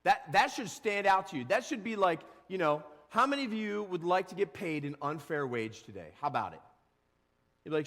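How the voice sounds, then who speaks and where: A male pastor giving a casual, animated sermon and now and then acting out grumbling workers. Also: high-pitched, moderate pace, long reverb tail. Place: church sanctuary.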